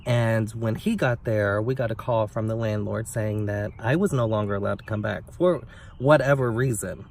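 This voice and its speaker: A young man telling a story on his vlog in a blunt, sassy, profane way, with big swings in pitch. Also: moderate pace, gravelly. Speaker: vlogger. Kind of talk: casual storytime rant. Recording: somewhat distant mic with faint background noise.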